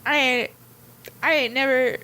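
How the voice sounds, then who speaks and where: A shy young country boy with a Southern US drawl, voiced by a woman. He speaks slowly and haltingly in a raised voice. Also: high voice, fairly even intonation, pushed and bright. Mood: sheepish. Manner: hesitant, halting put-on drawl.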